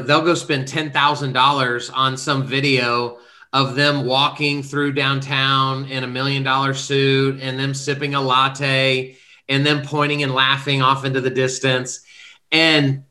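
A man's voice: mid-range voice, little pitch movement, a little slow, sharp tone. A man hosting a casual podcast interview, speaking conversationally with many fillers and encouraging his guest. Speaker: podcast host.

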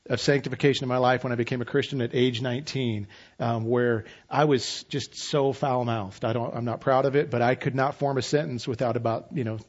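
A man in his fifties preaching a sermon as pastor, relaxed and conversational with self-deprecating humor. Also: mid-range voice, dull audio.

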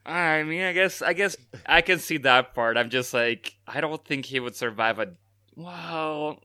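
A man's voice: on the high side, measured pace, bright, forceful tone, smooth, dry recording, studio quality. A man co-hosting a podcast in casual chat, often stopping to recap in disbelief and laughing. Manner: interrupts to recap, incredulous and laughing. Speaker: podcast co-host.

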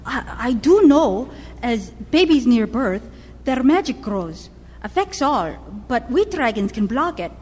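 A woman voicing a timid, naive young female dragon who speaks slow, halting broken English. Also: on the high side, sing-song, a little mellow, husky, in a large hall, exaggerated voice.

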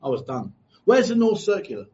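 A man's voice: a little high, sing-song, a little fast, a little mellow. A man hosting a casual live stream, reading out viewer comments and teasing his co-host. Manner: joking, teasing, swears freely. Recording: dull lo-fi live stream audio.

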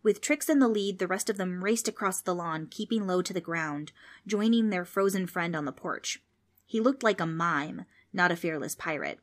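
A woman reading a children's storybook aloud as narrator, steady and expressive. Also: lowish voice, moderate pace.

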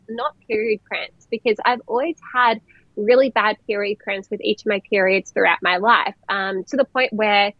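A young woman telling a personal story in a chatty, animated way, laughing often and using many "like" fillers. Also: medium pitch, dry recording. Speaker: vlogger telling her birth story. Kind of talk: casual storytelling. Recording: dull lo-fi, dry sound.

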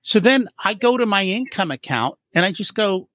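A man's voice: sits high, moderate pace, no echo, clean studio sound. A man speaking as a guest in a casual interview, explaining money habits and acting out short exchanges in different voices. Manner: animated, acts out little dialogues. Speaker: business profitability guest.

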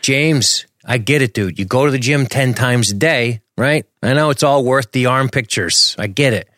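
A man's voice: mid-range voice, normal speed, fairly bright tone, no room sound, studio quality. A young adult man co-hosting a podcast, joking crudely and rambling in casual banter. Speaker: podcast co-host.

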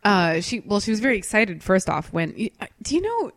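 Give me a woman in casual podcast chat, wry and relaxed, recorded dry. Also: mid-range voice, a little fast, no echo. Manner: laid-back and wry, with frequent laughter. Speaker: podcast co-host.

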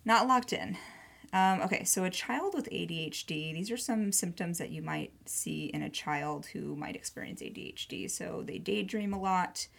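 A woman's voice: on the low side, normal speed, creaky, hardly any pauses. A woman co-hosting a casual podcast chat, reading through a list and joking, laughing often. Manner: jokey, laughs often, reads lists aloud. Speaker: podcast co-host.

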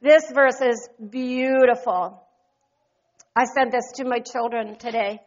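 High-voiced fervent woman preacher. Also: steady tone, slow, muffled recording. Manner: fervent, call-and-response, repeats thanks. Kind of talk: sermon.

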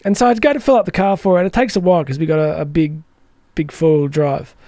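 High-voiced, energetic male podcast host. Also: fast, dry recording, clean studio sound. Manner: energetic, chatty, acts out quoted voices. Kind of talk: motivational podcast monologue.

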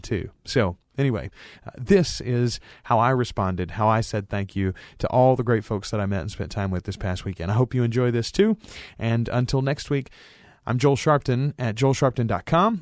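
A male podcast host talking casually, chatty and warm, with fillers. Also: medium pitch, no room sound, clean studio sound. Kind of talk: casual sign-off talk.

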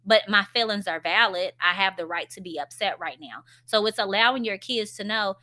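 Woman, casual explanatory talk, bright tense tone, conversational, fillers, acts out example phrases. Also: mid-range voice, expressive, normal speed, hardly any pauses. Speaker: parenting speaker.

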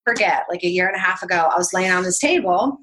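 A woman's voice: lowish voice, a bit bright, low-quality recording. A woman speaking as a podcast guest, telling a personal story candidly and openly. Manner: candid and open, fast and chatty.

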